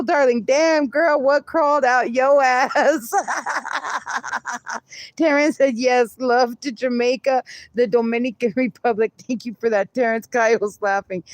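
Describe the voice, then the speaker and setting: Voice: medium pitch, dry recording. A livestreamer in casual chat who reads viewer comments aloud and laughs often.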